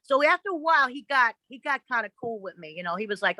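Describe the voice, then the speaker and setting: A woman gives a podcast interview, her high voice crisp and bright. She tells her stories bluntly and with plenty of swearing, slipping into the voices of the people she quotes. The recording is dry and close. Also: quick pace, no room sound, rough recording. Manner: blunt, profane and animated, acting out the voices of others in her stories. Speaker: interview guest. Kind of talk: casual interview storytelling.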